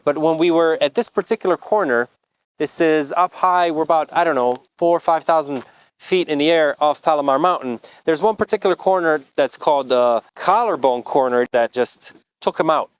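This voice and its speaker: A man's voice: fairly high pitch, normal speed, clean tone, no echo, highs cut off. A man working as a motorcycle tour guide, telling the story of a crash in earnest vlog narration outdoors on a mountain road. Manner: earnest storytelling, explains carefully.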